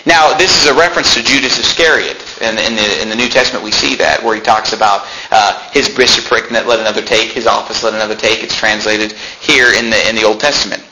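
A man's voice: on the low side, fast, few pauses, sharp tone, slight background noise, low-quality recording. A man preaching a sermon in a church, reading scripture aloud and telling his listeners which words to underline. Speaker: pastor.

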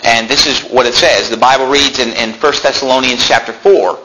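A man preaching a sermon, reading scripture aloud and breaking into loud, emphatic lines. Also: mid-range voice, fairly even intonation, normal speed, noisy background. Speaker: pastor.

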